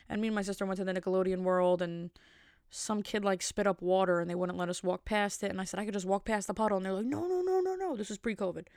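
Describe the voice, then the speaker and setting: Woman, comic storytelling, rambling, sassy asides, smooth clear voice, dry close sound. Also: mid-range voice, no echo.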